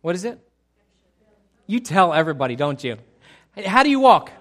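A man preaching a sermon as pastor, animated, moving from quiet asides to loud excited outbursts. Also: high-pitched, normal speed.

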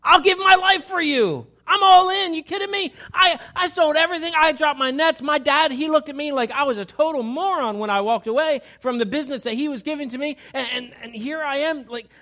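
A man preaching, voicing an impassioned, fiercely loyal male disciple who protests loudly. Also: very high voice, brisk, few pauses, voice pushed up. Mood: fervent, indignant. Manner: pleading, shouting in loud protest.

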